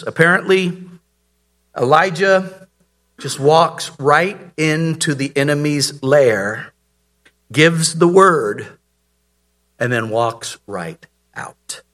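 A man's voice: a little high, sharp tone. A man preaching a sermon, telling the story dramatically and asking the audience rhetorical questions. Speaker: pastor.

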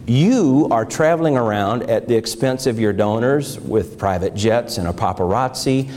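An older man preaching a sermon as a pastor, impassioned, moving between raised pleading and hushed confession. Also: mid-range voice, normal speed.

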